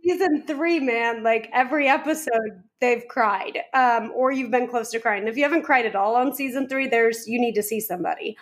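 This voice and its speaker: A woman's voice: on the high side, moderate pace, hardly any pauses. A woman hosting a podcast in loose, chatty talk, giggling and running off on tangents. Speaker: podcast host. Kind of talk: casual podcast chat.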